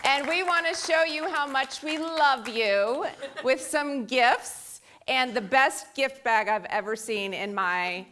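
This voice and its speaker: A woman's voice: high-pitched, slow pace, few pauses, a bit bright, a faint crowd, a little hiss or hum. A woman church leader introducing the next speaker from the stage, playful and teasing.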